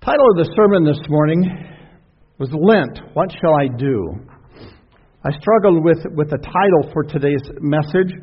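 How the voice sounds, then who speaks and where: In a church sanctuary, a pastor preaches a folksy, conversational sermon, tossing in asides and questions for the congregation. His voice sits on the high side, slightly rough, at a normal speed. The sound is dull with long church reverb.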